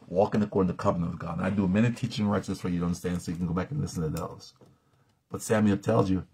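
A man's voice: fairly low pitch, a little mellow, breathy edge. A man teaching a Bible study sermon, asking rhetorical questions and building to emphatic peaks.

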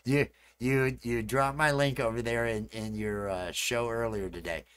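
A man's voice: medium pitch, steady tone, a little slow, fairly bright tone, clean tone. A man chatting casually with viewers during a live stream. He rambles and repeats his phrases as he works, and he.

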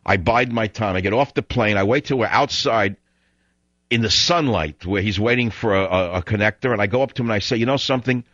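A man's voice: lowish voice, brisk, fairly bright tone, dry recording. A man hosting a talk radio show, delivering a sarcastic, digressive rant in an opinionated monologue. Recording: dull dry studio broadcast sound.

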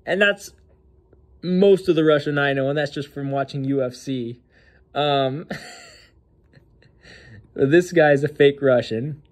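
Casting: male host, casual commentary, mocking and slangy, slightly high voice. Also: slow pace, long pauses.

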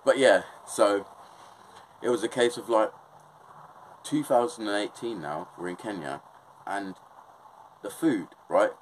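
A man's voice: lowish voice, measured pace, long pauses, slight background noise, poor audio. A young man with an English accent in a casual, impassioned monologue, swearing a lot and often checking that he is understood. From England. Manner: impassioned, swears often, keeps asking "do you know what I mean".

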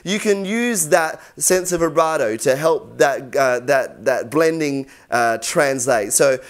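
A man's voice: a little high, animated, slow pace. A young man teaching singing in an easygoing, encouraging way. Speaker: vocal coach. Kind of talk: instructional tutorial.

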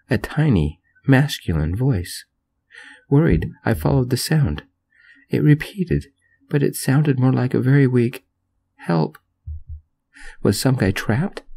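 A man reading a first-person romance story aloud in a soft-spoken ASMR narration style, gentle and unhurried. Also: medium pitch, husky.

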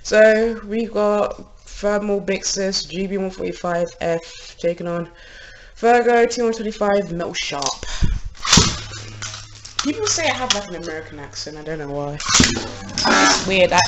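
A young man with a British accent, casually commentating on toy battles in a rambling, excitable way, laughing often, at home. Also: sits high, measured pace, noisy background. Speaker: Beyblade channel host. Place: home room, family upstairs.

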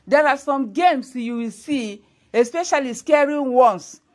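A woman's voice: high-pitched, unhurried, a little mellow. A woman with a Nigerian accent, giving earnest, preachy commentary to the camera as a vlogger, often adding "you know" and "eh?".

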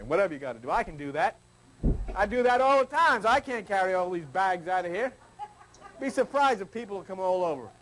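A man's voice: high-pitched, animated, quick pace, low-quality recording. An older man giving an informal, teasing sermon to a small group, acting out people's prayers in a folksy way. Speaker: spiritual teacher.

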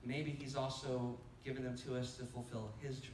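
A man's voice: mid-range voice, normal speed. Male pastor, conference sermon, storyteller who acts out dialogue; distant mic, echoey sanctuary. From United States. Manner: storytelling, animated quotes, laughing asides. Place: church sanctuary. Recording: echoey church hall from far off, faint noise.

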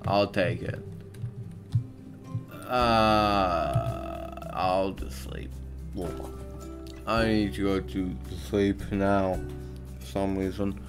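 A man giving casual gameplay commentary, tired and grumbling, swearing often as he talks to himself. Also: on the low side. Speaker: gaming YouTuber.

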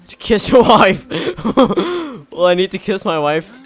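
A young man giving excitable let's play commentary as a gaming channel host, laughing often and swearing freely. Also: sits high, slow pace, faint music behind.

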